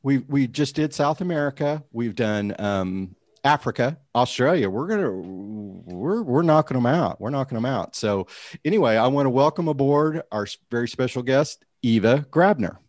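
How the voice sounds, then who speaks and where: A man hosting a casual chat, relaxed, often repeating himself as he talks. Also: medium pitch, normal speed, no echo, clean studio sound. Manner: relaxed, stammers and repeats words. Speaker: host.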